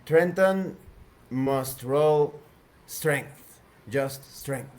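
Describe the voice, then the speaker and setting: A man narrating a tabletop science fiction game as game master, calm and measured. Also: medium pitch.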